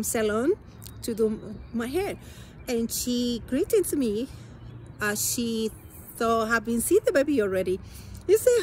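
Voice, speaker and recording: A woman's voice: a little high, a little mellow, slight background noise. Earnest woman. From Spanish-speaking country. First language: Spanish. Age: adult. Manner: earnest, halting, emotional storytelling. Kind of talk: personal testimony.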